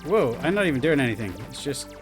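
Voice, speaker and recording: A man streams himself playing and reviewing small indie games, reacting out loud and narrating his thoughts as he goes. His voice sits in a middle pitch, and he gets excitable when the action picks up. Faint music plays behind him. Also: fast. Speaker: streamer reviewing game jam entries. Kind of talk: live gameplay commentary.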